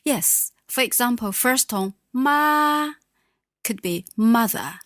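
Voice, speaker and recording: A woman teaching a beginner language lesson on a podcast, patient and modelling words slowly. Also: a little high, no room sound, clean studio sound.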